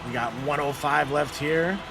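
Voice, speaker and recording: A man doing lively play-by-play on a live stream, joking and reading out viewer messages. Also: fairly high pitch, normal speed, background noise. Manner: upbeat, jokey, reads chat aloud. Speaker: play-by-play caster. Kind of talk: live stream game commentary. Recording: stream mic with game music behind.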